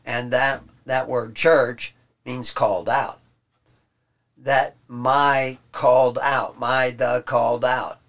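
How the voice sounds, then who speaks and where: A man giving an informal Bible study lesson. He pauses often, restarts his sentences and explains the text word by word. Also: mid-range voice, flat delivery, a bit bright. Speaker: Bible teacher.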